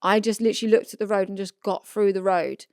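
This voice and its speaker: A woman in her thirties, a podcast co-host, chatting casually and telling a story with animated reenactment. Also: medium pitch, quick pace, dry recording, studio quality. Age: 30s.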